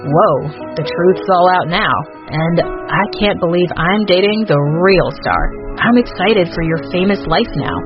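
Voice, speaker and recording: A man voicing a remorseful father and a sweet boyfriend in a storytime animation, gentle and earnest. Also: high voice, expressive, measured pace, hardly any pauses. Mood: excited. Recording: muffled, lo-fi, with music.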